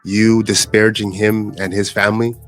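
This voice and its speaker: Calm low-voiced male commentator. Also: moderate pace, soft background music. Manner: calm, judicious, moralizing. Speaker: reaction host. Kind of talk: measured commentary.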